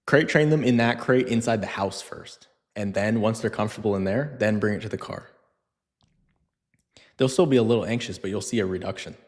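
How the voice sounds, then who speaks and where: A man's voice: on the low side, brisk, big-room sound. A man who trains dogs, answering viewer questions on a live stream in a loose, chatty way with lots of fillers. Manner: casual, chatty, lots of fillers, acts out scenes in funny voices. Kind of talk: live Q&A stream, casual talk.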